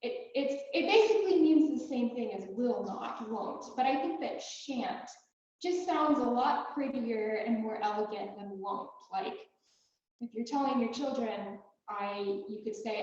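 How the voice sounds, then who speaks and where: A woman's voice: a little high, a little slow. A woman speaks in a chatty, easygoing way, restarting words now and then. She is heard over a video call from a strongly echoing room. The sound is dull and lo-fi. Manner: chatty, fond of classic literature, repeats words. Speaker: club member giving impromptu speech. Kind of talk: impromptu speech on video call.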